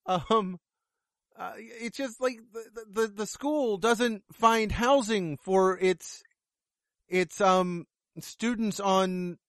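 A man with a high voice reviews a film in casual conversation. He talks bluntly and sarcastically, with plenty of swearing. The sound is dry and close. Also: extremely slow, fairly bright tone, no echo. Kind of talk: casual movie review chat.

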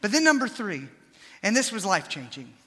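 A young adult man preaching a sermon, switching between scripture and animated, folksy storytelling asides. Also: high-pitched, brisk, in a large hall.

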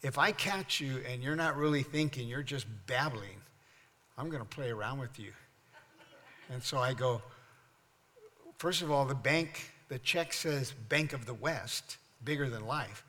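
An older man preaching a sermon as pastor, joking through a story and then building into loud, fervent preaching. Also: mid-range voice, measured pace. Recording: long hall reverb.

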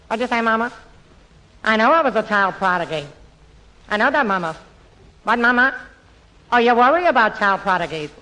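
A woman's voice: a little high, bright, forceful tone, rough recording. A woman doing an impression of a male showman talking eagerly on the phone to his mother in a 1940s radio comedy. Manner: eager, rapid patter.

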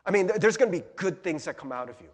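A male pastor delivering a relaxed, talky sermon, piling up fillers and restarts as he goes. His voice sits a little high and swings widely in pitch. The tone is husky. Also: racing. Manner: animated, chatty, many fillers and repeated words. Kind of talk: casual conversational sermon.

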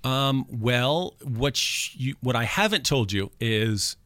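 A man's voice: medium pitch, lively intonation, slow pace, pushed and bright, dry recording. A man speaking on a call-in radio talk show, recites quotations in a raised tone. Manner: quotes scripture in a raised, recited tone. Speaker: guest speaker.

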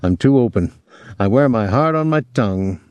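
A man's voice: mid-range voice, lively intonation, normal speed, a little mellow, dry recording, natural voice. A man reading an audiobook, voicing a restless young man who jokes breezily and talks a lot. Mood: breezy. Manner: breezy, joking, talkative. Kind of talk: audiobook character voice.

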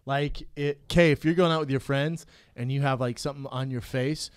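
A man's voice: medium pitch, steady tone, normal speed, smooth. Giggly man in casual chat. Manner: giggly, laughs through his stories.

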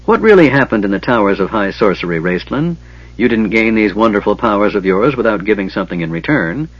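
A man's voice: lowish voice, lively intonation, brisk, breathy edge. A man voicing a stern, proud male knight who speaks coldly and stiffly. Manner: cold, stiff. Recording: dull lo-fi recording.

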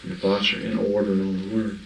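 A man's voice: on the low side, little pitch movement, brisk, creaky, slight background noise. Emphatic man teaching in an echoey room. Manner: conversational, emphatic, checks understanding. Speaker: Bible teacher. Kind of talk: informal teaching to a small group. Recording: echoey room, mic from afar.

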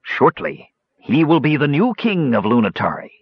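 A man's voice: mid-range voice, sing-song, normal speed, vocal fry, husky, dry recording, muffled recording, voice pushed up, exaggerated voice. A man voicing a capricious, mad old gnome king who mocks and threatens in an idle, sing-song way. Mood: mocking.

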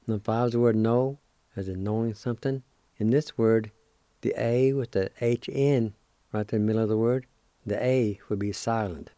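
A man's voice: lowish voice, steady tone, moderate pace, mellow, no echo. A man hosting a radio language lesson, patiently spelling out words and repeating each syllable with encouragement. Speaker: radio host teaching a language.

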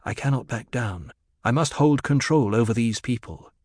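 A man's voice: medium pitch, expressive, moderate pace, a little mellow, no room sound, natural voice. A man voicing a resolute young male duke turned desert leader in an audiobook reading, speaking firmly and with command. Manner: firm and commanding.

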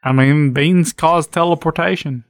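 A man co-hosting a podcast, casual chat, dropping deadpan absurd jokes. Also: a little high, measured pace. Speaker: podcast co-host.

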